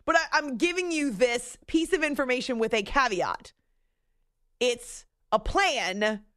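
A woman hosts a late-night sports radio show into a studio microphone. She talks in a loose, chatty way, makes fun of herself and breaks into little giggles. Her voice sits a bit higher than most. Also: measured pace, pushed and bright. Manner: chatty, self-mocking, giggly asides.

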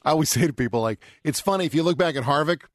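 A man co-hosting casual racing talk, joking around in quick banter. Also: on the high side, no echo, studio quality.

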